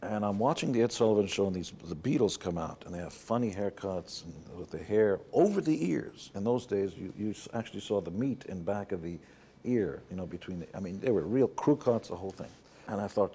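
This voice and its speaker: A middle-aged man from New York, speaking as an interview guest. His voice sits fairly low and has a dark, mellow tone. He tells candid stories in a blunt, wry way. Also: lively intonation, a little fast, slightly rough. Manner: blunt, wry anecdotes with playful put-on voices.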